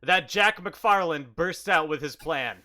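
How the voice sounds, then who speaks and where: A man's voice: fairly high pitch, a little slow. A man narrating an improvised tabletop game as game master, laughing often as he tells the scene. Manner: lively, laughing storyteller.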